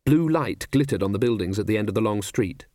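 A man narrating an audiobook in a measured, even reading with dry humour. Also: fairly low pitch, no echo.

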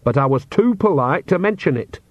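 A man reads as a sharp-tongued, merry old witch woman, pitched well above his own voice and pushed louder. She is blunt and teasing. The storybook reading sounds dry and a little dull. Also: animated, fairly quick, dry recording.

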